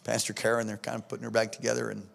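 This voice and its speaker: A middle-aged male pastor preaching a sermon, telling stories emphatically and swinging from hushed tones to shouts. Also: on the low side, monotone, rapid-fire, gravelly. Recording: long hall reverb.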